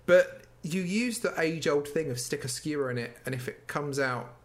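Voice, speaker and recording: A man's voice: a little high, moderate pace. A man co-hosting a podcast, telling stories in casual chat, acting out quotes and laughing. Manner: animated storyteller, acts out quotes, laughs. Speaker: podcast co-host. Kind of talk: casual chat recapping a TV show.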